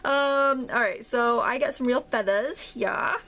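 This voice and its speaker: A woman's voice: high-pitched, measured pace, a bit bright. A woman with a Maine accent hosting a casual crafting tutorial, chatty and self-deprecating as she thinks aloud while working. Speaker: craft video host.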